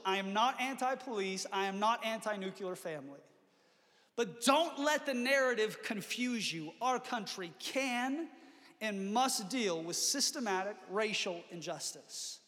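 Male pastor, sermon, earnest, repeats words, high bright voice, reverberant church hall.

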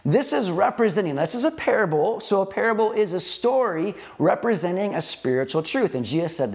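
A man's voice: fairly high pitch, normal speed. A man preaching a sermon, retelling a parable with casual asides to the congregation. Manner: conversational, animated storytelling, rhetorical asides. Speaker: pastor.

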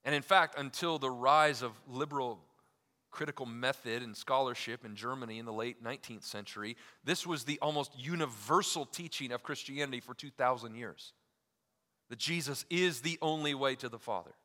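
A man preaching a sermon, swinging from loud emphasis to hushed, deliberate lines, with casual asides full of fillers. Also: medium pitch, in a large hall. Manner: emphatic preaching with wide swings in loudness, dropping to near-quiet for key lines. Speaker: pastor.

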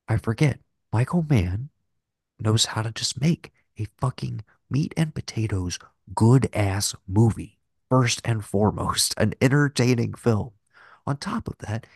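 Brief: male podcast co-host, loose and profane, a gravelly voice recorded dry and close. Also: lowish voice, darkish tone, no room sound. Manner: rambling, profane, heavy filler "like". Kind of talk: casual film discussion.

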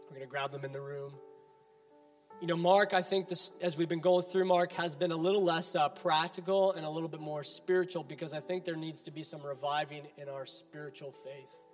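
A man's voice: fairly high pitch, in a large hall. A man preaching a sermon as pastor, emphatic and building with repeated appeals.

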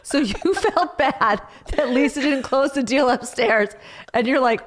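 A woman's voice: sits high, measured pace. A woman podcast host reacting to a story with teasing remarks and laughter in casual chat.

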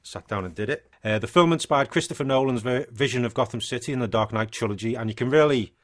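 Chatty podcast co-host. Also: male voice, mid-range voice, fast talker. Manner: chatty, reads notes with asides. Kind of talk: casual podcast chat.

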